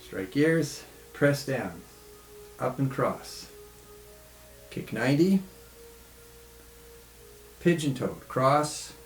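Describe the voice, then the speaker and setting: Slow, calm man teaching tai chi. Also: mid-range voice. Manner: calm, relaxed, calls out steps slowly. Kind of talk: follow-along movement instruction. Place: home studio. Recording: echoey studio room.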